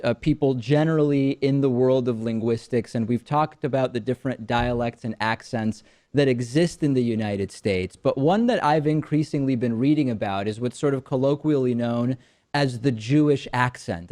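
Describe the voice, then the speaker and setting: A man hosting an interview show, asking measured questions with frequent fillers and repeated words. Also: mid-range voice, dark tone. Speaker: talk show host.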